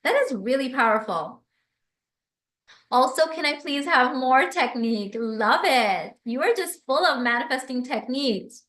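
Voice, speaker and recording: A woman hosting a live stream, reading viewer comments aloud and answering them in an effusive, animated way. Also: high-pitched, measured pace, roomy sound. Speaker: livestream host and business coach.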